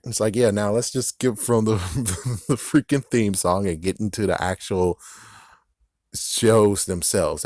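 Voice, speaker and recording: Man, casual rant, rambling, swearing, low voice, dry close sound. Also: dry recording. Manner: rambling, swears freely, laughs, acts out quotes. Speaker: video creator.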